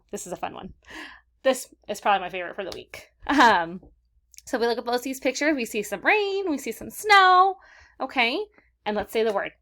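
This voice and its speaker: A woman teacher giving a recorded vocabulary lesson to children in an upbeat manner, slowing down to stress key words. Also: medium pitch, fairly bright tone. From California. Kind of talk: recorded classroom lesson for kids.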